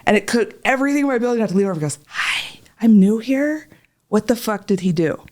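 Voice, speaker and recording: A woman's voice: on the high side, quick pace. A woman telling a long story in casual chat, swearing freely and acting out what people said. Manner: profane, animated, acts out voices in quotes. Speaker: podcast guest, patient.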